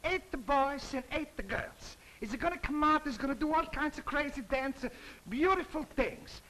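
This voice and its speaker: A man's voice: very high voice, moderate pace, low-quality recording. A man putting on a frantic mock-Italian announcer. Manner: broken English, frantic and flustered, shouting. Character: excitable male stage announcer, mock Italian accent.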